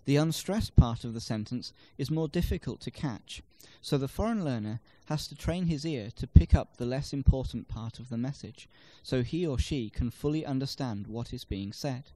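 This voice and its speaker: A man reading scripted instructional narration for a language lesson, measured and explanatory, demonstrating word stress in example sentences. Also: mid-range voice, mellow, no echo.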